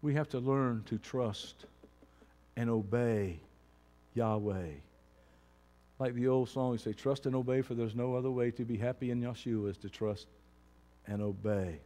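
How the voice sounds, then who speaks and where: A man preaching a sermon as pastor, moving from quiet talk to shouting. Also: mid-range voice, fairly even intonation, a little slow, long pauses, big-room sound.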